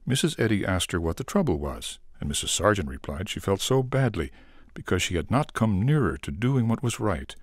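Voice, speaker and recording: Man with a very deep voice, expressive memoir reading, dry sound. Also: fairly quick, few pauses, dry recording. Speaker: voice actor reading recollections.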